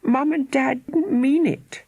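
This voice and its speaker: A woman's voice: sits high, slow, a little mellow, no echo, pitched above the performer's own voice. A woman reading an audiobook, voicing a spirited young girl who fusses over her little brother with exclamations and coaxing. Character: spirited young girl, bossy big sister. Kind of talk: audiobook character voice.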